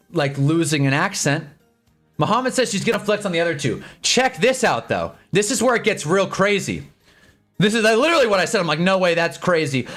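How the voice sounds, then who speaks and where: A young man with a Midwestern American accent hosting a live stream, telling a dating story in an animated, laughing way and breaking off for quick remarks on the game. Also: fairly high pitch. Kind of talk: casual storytelling while watching football.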